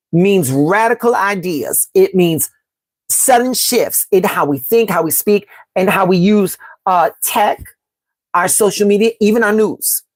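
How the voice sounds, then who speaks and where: A woman's voice: medium pitch, no echo. Emphatic woman hosting a live tarot reading. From Chicago. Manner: emphatic and repetitive, calling viewers "baby" and "y'all"; reads out and answers the live chat. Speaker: tarot reader and astrology host.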